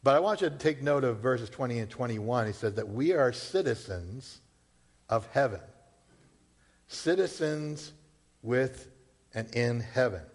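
A man's voice: mid-range voice, lively intonation, moderate pace. A man from Massachusetts, a pastor, preaching a sermon in a conversational way, with rhetorical questions and casual asides. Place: church. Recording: long hall reverb.

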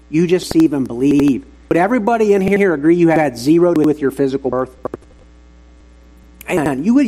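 Male preacher with a slightly raspy, higher voice, earnest and emphatic to his church. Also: a little mellow, low-quality recording. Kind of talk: sermon.

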